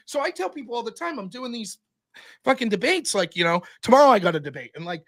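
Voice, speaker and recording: A man in casual podcast chat, telling stories in an animated, profane way into a close mic. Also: very high voice, fast. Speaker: podcast host and debater.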